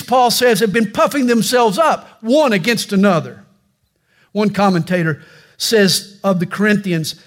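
A male pastor preaching a sermon, with animated storytelling and touches of humor. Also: high-pitched.

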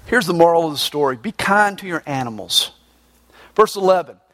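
A man preaching a folksy sermon, reading scripture and then putting it in plain everyday terms. His voice sits fairly high for a man, and he explains things in a down-to-earth way. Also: expressive, brisk, fairly bright tone, a little hiss or hum.

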